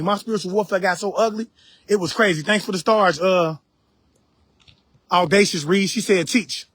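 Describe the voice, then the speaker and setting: A man's voice: high voice, moderate pace, long pauses, fairly bright tone. Preachy man lecturing on a live stream. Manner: preachy, repeats phrases, addresses viewers directly. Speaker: live-stream spiritual teacher.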